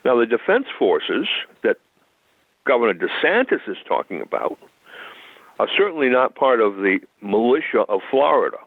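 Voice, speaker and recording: A man's voice: mid-range voice, no echo. A man from the United States, a constitutional attorney, explaining law in an interview in a methodical, lecturing way with frequent restarts. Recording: tinny phone line.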